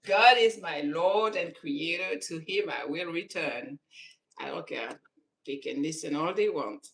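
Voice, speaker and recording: Born in Senegal and raised in southern France, this woman vlogs reactions to clips, laughing often between emphatic remarks. Her low voice is animated, gravelly, and slightly rough, and her pace is slow.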